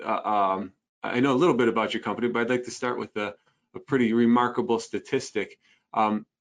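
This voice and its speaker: A man hosting a business podcast, chatty and friendly, with frequent fillers as he asks questions. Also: mid-range voice. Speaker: podcast host.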